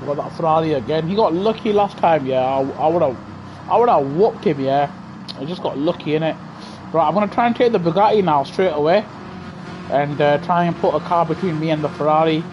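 A man giving live commentary over his racing game through a gaming headset, muttering to himself and breaking into excited shouts. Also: on the high side, brisk, dull audio, noisy background. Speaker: gaming streamer. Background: game music and car engine sounds.

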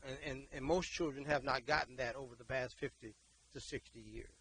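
Man, preacher, gravelly and mid-pitched, preaches in loud bursts and quiet stretches. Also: fairly even intonation, a little fast, slight background noise, low-quality recording. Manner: emphatic, repeats words, swings between loud exhortation and quiet talk. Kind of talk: sermon and prayer.

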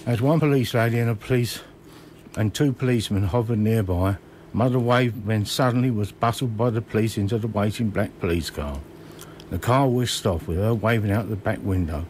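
A man in his sixties from Kent, reading his own memoir slowly and measuredly in a radio studio. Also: lowish voice, a little mellow, slight background noise.

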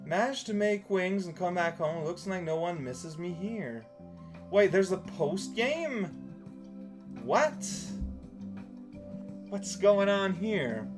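A man's voice: high-pitched, expressive, slow pace, music in the background. A man casually commentating on a video game as he plays, rambling and giggling through jokey asides. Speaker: let's play commentator.

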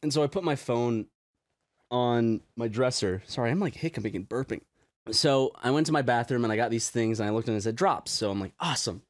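A man's voice: medium pitch, brisk, dry recording. Rambling young man, dry close sound. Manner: rambling storyteller, full of fillers and restarts. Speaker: podcast co-host. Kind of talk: casual chat.

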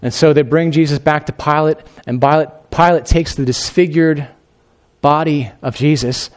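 A man's voice: on the high side, normal speed. A male pastor retells a story in a conversational sermon. He speaks to the congregation directly, tosses in asides, and his voice climbs when he acts out the people in the story. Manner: animated, acts out the quoted figures in a raised voice.

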